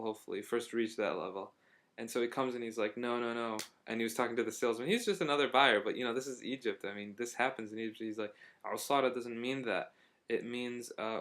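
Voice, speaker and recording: A man's voice: mid-range voice, fairly bright tone. A young man from Syria telling a casual spoken travel diary, rambling and hesitant, with frequent fillers and restarts. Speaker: vlogger.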